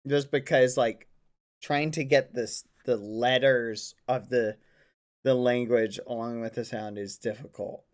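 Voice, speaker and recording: A male streamer talks casually with his viewers, relaxed and a bit teasing. He speaks slowly in a mid-range voice, unhurried between thoughts. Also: mid-range voice.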